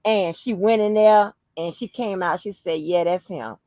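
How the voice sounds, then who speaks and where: A woman's voice: mid-range voice, moderate pace, no echo, rough recording. A woman hosting a podcast, telling a story in casual chat with lots of cursing and emphasis. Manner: profane, emphatic, animated storyteller. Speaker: podcast host.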